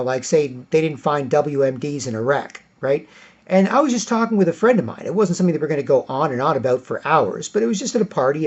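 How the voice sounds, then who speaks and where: Man, political rant monologue, emphatic and repetitive, somewhat high voice, dull lo-fi recording. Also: a little mellow. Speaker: political vlogger.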